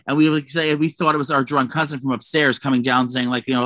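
Bright-voiced man, profane and rambling. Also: medium pitch, little pitch movement, quick pace, dry recording. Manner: profane, rambling storyteller with many restarts. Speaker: podcast co-host. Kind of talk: casual gossip chat.

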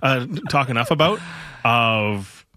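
A man's voice: medium pitch, slow pace, dry recording, studio quality. A man co-hosting a sports talk podcast, riffing casually and cracking jokes. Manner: casual, joking, lively riffs. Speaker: podcast co-host.

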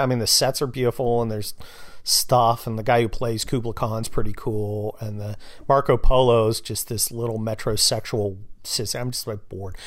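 A man hosting a casual podcast monologue, blunt and sarcastic, swearing freely and telling stories with growing excitement. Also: medium pitch. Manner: animated storyteller, gets louder with excitement. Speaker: podcast host and novelist.

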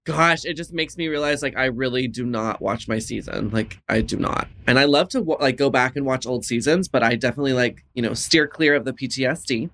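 A woman's voice: rumbling low, a little fast, hardly any pauses, a bit bright. A woman chatting casually on a video call, playful and exclamatory, laughing often. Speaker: drag performer guest. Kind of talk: casual chat.

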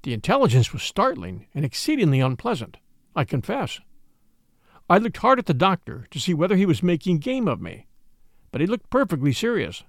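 Male storyteller, measured and expressive, dry close recording. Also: on the high side, no room sound. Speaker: narrator. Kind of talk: reading a ghost story aloud.

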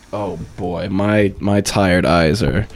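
A man's voice: sits low, a little hiss or hum. A man co-hosting a podcast who jokes around, laughs often, and reads a story aloud in a casual way. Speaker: podcast co-host. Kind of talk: casual chat and story reading.

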